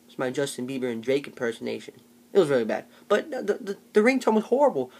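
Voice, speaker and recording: A man's voice: medium pitch, very animated, fast, darkish tone. A young man telling comic stories in a rambling, jokey vlog, often putting on mock voices. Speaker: vlogger. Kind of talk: comedic storytelling vlog.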